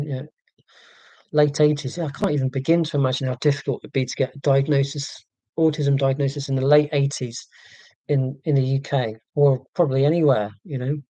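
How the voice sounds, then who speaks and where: A man's voice: mid-range voice, dark tone, no room sound. A man in his forties, chatting to a live-stream audience in a rambling, self-deprecating way, restarting sentences often. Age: 40s. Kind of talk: casual live-stream chat. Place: indoors at home. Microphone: laptop microphone.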